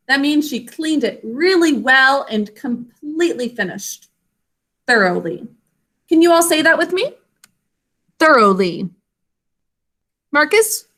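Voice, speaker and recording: High, bright-voiced woman teacher. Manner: slow, deliberate enunciation with praise. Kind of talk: online spelling lesson for children. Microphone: video call.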